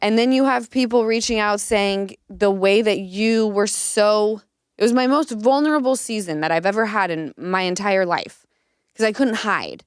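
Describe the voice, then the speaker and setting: A woman's voice: mid-range voice, normal speed, smooth, no echo, studio quality. A woman in her thirties hosting a podcast, telling candid stories in casual chat with lots of "like" fillers. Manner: candid, animated storytelling with frequent "like". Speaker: podcast host.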